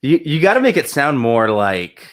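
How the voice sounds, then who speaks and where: A man co-hosting a live show, chatty and excitable in casual banter with his friend. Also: medium pitch, normal speed. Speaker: co-host.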